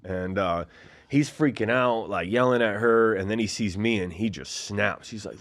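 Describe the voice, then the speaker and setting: A man's voice: lowish voice, moderate pace. A man in his forties, a former fighter guest telling his story in a rambling, casual way, full of fillers and acted-out quotes. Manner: rambling, filler-heavy, acts out quoted voices.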